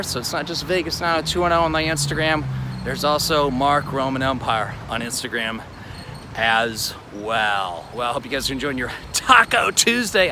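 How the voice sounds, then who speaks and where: A man hosting a casual walking livestream outdoors, rambling and poking fun at himself, filmed on a phone on a selfie tripod. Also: fairly high pitch. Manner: rambling and self-mocking. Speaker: podcast host. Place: city street outdoors. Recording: outdoor street with traffic noise.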